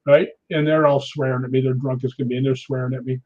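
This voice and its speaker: Husky-voiced man telling a lively story. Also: fairly high pitch, brisk. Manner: animated anecdote teller, acts out quotes. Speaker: stunt performer guest. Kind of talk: storytelling in an interview. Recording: dull lo-fi audio.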